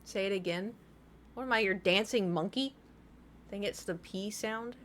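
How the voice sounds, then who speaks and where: A woman's voice: medium pitch, moderate pace, a bit bright. A young woman with a slight lisp from braces, chatting casually on a live stream and telling rambling, self-mocking stories with frequent laughter.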